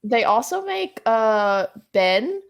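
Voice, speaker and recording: A woman's voice: fairly high pitch, sing-song, slow, gravelly, crowd noise. A woman co-hosting a casual podcast chat while gaming, rambling with frequent laughs. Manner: rambling, many fillers and restarts, laughs often. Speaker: podcast co-host.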